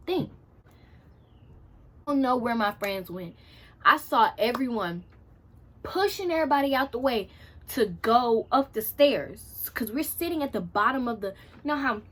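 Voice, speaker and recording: A woman's voice: a little high, fairly bright tone, husky. A teenage girl telling a story to camera in a chatty, slangy way, acting out her own reactions and quotes. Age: teens. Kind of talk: casual storytime.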